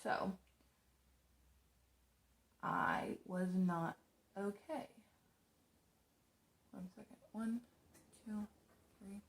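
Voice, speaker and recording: A woman's voice: medium pitch, steady tone, drawn-out words, gravelly, long pauses. A young woman casually telling stories while doing her makeup, chatty and rambling, swearing freely. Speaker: makeup streamer.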